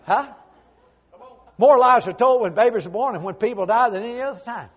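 An older male preacher with a high voice tells homespun stories in a folksy, humorous sermon. He swings between loud, punchy emphasis and quiet, low asides. The recording sounds dull and muffled. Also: fairly quick.

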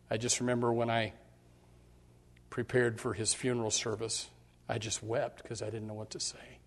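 A middle-aged pastor preaches a sermon with fervent emphasis, his medium-pitched voice surging loud on key points. There's vocal fry in his delivery, and a long reverb tail trails after his words.

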